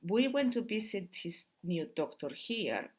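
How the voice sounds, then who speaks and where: A woman's voice: medium pitch, lively intonation, a little slow. A middle-aged woman talking casually to camera as a vlogger, chatty, laughing often and restarting her sentences.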